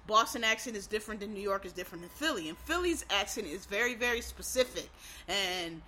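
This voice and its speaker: Woman, faint Philadelphia accent, casual rambling chat, bright forceful tone. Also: medium pitch, expressive, fairly quick, slight background noise. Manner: rambling, chatty, frequent fillers and restarts.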